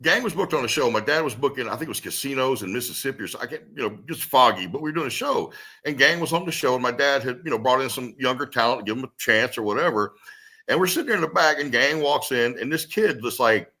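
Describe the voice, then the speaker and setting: Guy telling stories on a podcast, bright edgy voice, laughs a lot. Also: mid-range voice, fast. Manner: animated storyteller, laughs often, acts out quotes. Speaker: co-host. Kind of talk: casual storytelling chat.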